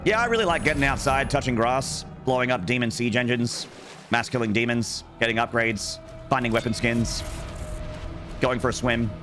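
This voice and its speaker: A man's voice: mid-range voice, moderate pace, over music. A man livestreaming a game, chatting in a rambling, self-interrupting, playful way with his viewers. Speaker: streamer. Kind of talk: gaming livestream chat.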